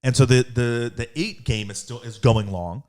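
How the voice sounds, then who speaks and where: A young man co-hosting a podcast, telling a story in casual chat and acting out quotes in high voices. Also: normal speed, darkish tone. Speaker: podcast co-host.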